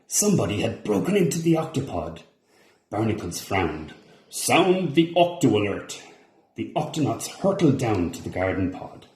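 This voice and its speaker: Animated man reading a children's story. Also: lowish voice, moderate pace, roomy sound. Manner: expressive, animated character voices. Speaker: storybook reader. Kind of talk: children's read-along narration.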